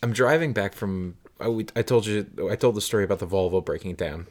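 Casual male podcast host, lowish voice, lively storyteller who acts out the people he quotes. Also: brisk.

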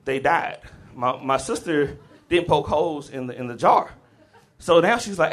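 A man from the Southern US tells a funny personal story before a live audience. His talk is animated and loose, and he often chuckles. His voice sits a touch high for a man. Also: moderate pace.

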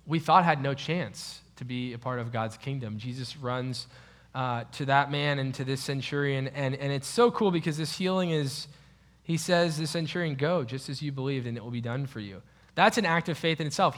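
Guy leading a chill bible study, talks loose with lots of likes and restarts. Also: medium pitch. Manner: conversational, many fillers and restarts. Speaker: Bible teacher. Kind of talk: casual Bible study teaching.

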